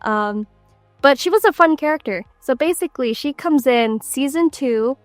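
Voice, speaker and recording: A woman's voice: sits high, lively intonation, moderate pace, no room sound, faint music behind. A young adult woman, a voice actress, chatting in an interview and telling stories with animation and frequent laughs. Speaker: voice actress guest. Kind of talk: casual interview chat.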